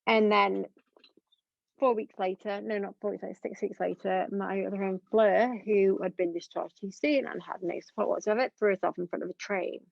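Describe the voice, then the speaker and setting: As an interview guest in a candid conversation, this young woman rambles earnestly and fills her speech with fillers. She talks fairly quickly in a steady, gravelly, medium-pitched voice with few pauses, over a dull, dry, lo-fi recording.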